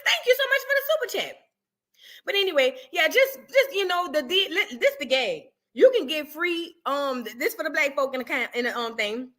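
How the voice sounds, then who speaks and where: Woman streamer chatting with viewers, aave, high bright voice, loud one sec then muttering. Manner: animated, chatty, swings between loud exclamations and muttered asides. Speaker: livestream reaction host. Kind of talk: casual livestream chat reading super chats.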